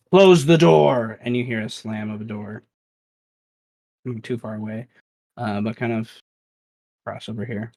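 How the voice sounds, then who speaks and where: A man narrating as game master of a tabletop game, loose and halting with many fillers. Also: on the low side, poor audio.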